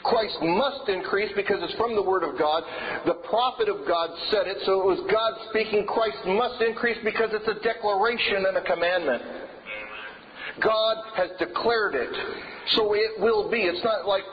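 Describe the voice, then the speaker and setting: A man's voice: high voice, moderate pace. A man preaching a sermon, earnest and emphatic, repeating his key phrases. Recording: dull lo-fi sound with long reverb in a hall.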